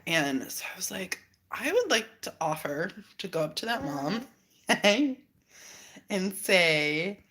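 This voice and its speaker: Host, woman, 30s, low pitch, candid reflective monologue with animated quoted asides. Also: slow. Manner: candid, animated storytelling with laughs and acted-out quotes.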